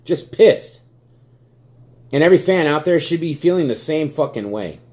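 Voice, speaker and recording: A man's voice: fairly high pitch, lively intonation, quick pace, a little mellow. A young man ranting furiously about his team, swearing constantly and stammering as he repeats himself. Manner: stammers and repeats words when worked up. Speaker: sports fan vlogger. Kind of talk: angry fan rant.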